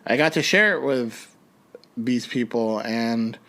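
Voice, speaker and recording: Telling a story from his own life, a young podcast host meanders and keeps starting over, his pitch shooting up as he acts out how panicked he was. He talks slowly, with a sharp tone.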